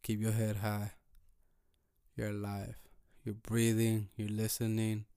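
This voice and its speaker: Calm, slow-talking man with a gravelly voice. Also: dry recording, clean studio sound. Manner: slow, calm, thinking aloud; low-energy, laid-back. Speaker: podcast host. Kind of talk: solo motivational podcast talk.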